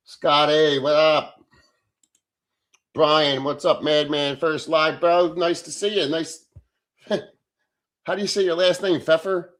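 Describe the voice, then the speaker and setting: A man's voice: a little high, flat delivery, takes it slowly, pauses often, fairly bright tone. Blunt, profane man streaming. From Philadelphia, USA. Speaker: livestream host. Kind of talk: casual livestream chat reading comments.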